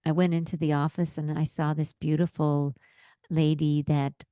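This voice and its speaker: Low mellow-voiced woman podcast co-host. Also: flat delivery, normal speed, clean tone, no echo, studio quality. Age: 50s. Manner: chatty, warm storyteller, acts out quotes. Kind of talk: casual podcast chat.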